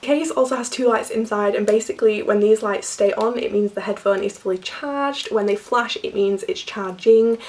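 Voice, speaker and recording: Her voice rough and croaky from a cold, this young vlogger rambles through an unboxing with lots of fillers and frequent laughter. She has a mid-range, slightly mellow voice and keeps a moderate pace with few pauses, heard from a somewhat distant microphone.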